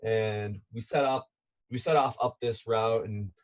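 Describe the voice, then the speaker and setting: A man telling a long outdoor story as a podcast guest, relaxed and chatty, laughing now and then. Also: on the low side, measured pace. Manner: animated, laughing as he tells a climbing story. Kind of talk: casual storytelling.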